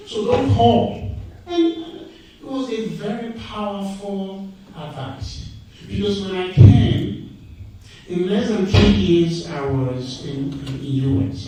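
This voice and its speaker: A man's voice: fairly high pitch, warm tone, very echoey, distant mic, slight background noise, poor audio. A middle-aged man from Nigeria with a Nigerian accent gives an emphatic motivational talk full of rhetorical questions and stories. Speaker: speaker.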